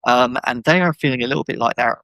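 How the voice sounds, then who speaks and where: A man with a gravelly, creaky voice talks as an animated podcast guest, often slipping into quoted voices of the people he describes. His speech is full of "you know" and "um", and he sounds dry and close on a video call mic. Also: medium pitch, fast talker, dry recording, low-quality recording. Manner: animated, acts out quoted voices, many fillers. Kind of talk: casual conversational discussion. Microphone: video call microphone.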